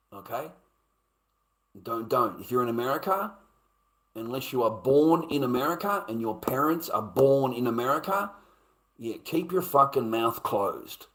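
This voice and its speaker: A man's voice: medium pitch, fairly bright tone, low-quality recording. An Australian man streaming, talking in a blunt, sweary, rambling way, laughing often and calling listeners mate. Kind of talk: casual ranting chat.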